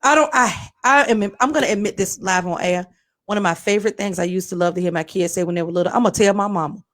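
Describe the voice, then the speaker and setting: A woman's voice: fairly low pitch, fast talker. A middle-aged woman co-hosting a radio podcast, telling a story in casual chat and acting out the voices of the people in it. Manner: animated, acts out voices in her stories.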